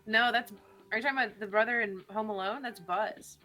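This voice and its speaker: A woman, co-hosting a casual podcast and running a quick party game in a playful, teasing way. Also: a little high, bright, forceful tone, faint music behind. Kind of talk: casual chat.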